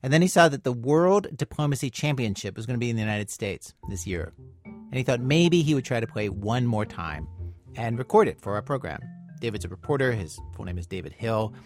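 A man with a mid-pitched voice tells a story for a radio show in a dry, playful tone. He mixes scripted narration with casual questions and quips. Soft music plays faintly underneath. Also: lively intonation, fairly quick. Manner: wry, conversational narration with playful asides.

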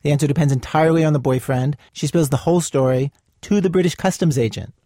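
A man's voice: fairly high pitch, quick pace, dark tone, dry recording. Dry-sounding male radio host. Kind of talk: scripted radio narration and interviewing.

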